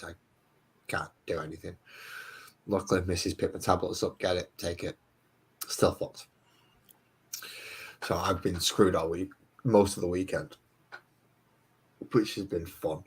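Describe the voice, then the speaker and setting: A man's voice: low voice, steady tone, a little slow, long pauses, husky. A man hosting a live stream, rambling, swearing freely and joking at his own expense. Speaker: stream host. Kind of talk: casual live-stream chat.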